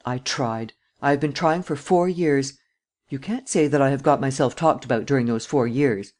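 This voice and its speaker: A man voicing a calm, self-assured gentleman thief who talks in a measured, drily ironic way, in an audiobook reading. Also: mid-range voice, natural voice.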